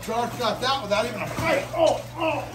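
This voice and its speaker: A man who keeps a reptile zoo, excitedly narrating and coaxing animals as he feeds them after hours, often crying out "whoa". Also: extremely high pitch, moderate pace, far from the mic, over loud music, rough recording. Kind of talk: casual vlog narration while feeding animals.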